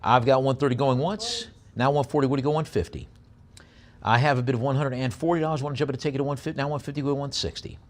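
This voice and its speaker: A man calling a live auction at a middle pitch, rattling off bid amounts in quick bursts. When he describes each item he slows right down and fills the gaps with "uh". The pace keeps shifting between brisk calling and careful description. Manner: many filler pauses when describing items.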